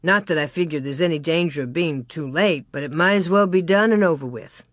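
A woman doing a calm pioneer father. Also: sits low, brisk, no echo, studio quality. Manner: calm, reassuring.

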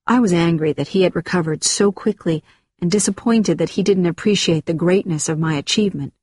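A woman giving a measured, scripted narration of a first-person memoir. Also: fairly low pitch, darkish tone, slightly rough, no room sound, studio quality.

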